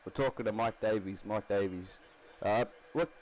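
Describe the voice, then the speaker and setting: A man's voice: fairly low pitch, normal speed, darkish tone, low-quality recording. A man casually commenting while building a rugby team in a game, rambling and laughing often. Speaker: gaming streamer.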